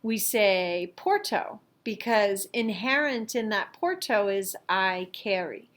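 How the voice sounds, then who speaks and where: A middle-aged woman teaching a lesson, explaining slowly and carefully with the odd filler as she reviews worksheets. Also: mid-range voice, animated, fairly bright tone. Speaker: Latin teacher.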